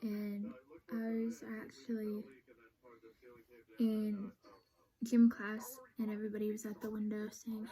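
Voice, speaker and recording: A young woman telling a painful personal story in a soft, halting voice, sad and emotional, often sliding into a whisper. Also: mid-range voice, monotone, low-quality recording.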